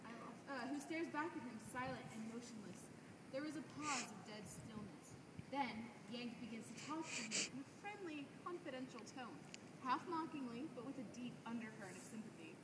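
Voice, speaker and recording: A woman reading the stage directions of a play in a measured, descriptive way. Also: fairly high pitch, lively intonation. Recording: distant, roomy, noisy recording.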